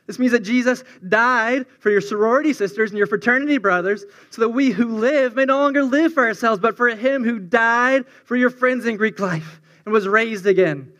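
A man's voice: very high-pitched, normal speed, few pauses, fairly bright tone. A man preaching a sermon to students, earnest and building on repeated refrains. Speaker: campus preacher.

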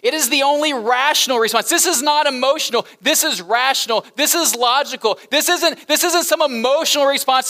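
A middle-aged man preaching a sermon as pastor, animated and humorous, breaking into laughter during his asides. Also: very high voice.

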